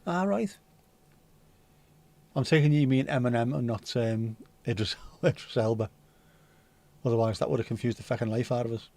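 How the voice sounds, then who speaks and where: A man's voice: mid-range voice, steady tone, brisk, a little mellow. A man hosting a livestream, chatting casually and rambling while reading out viewer comments, with the odd swear word. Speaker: livestream host.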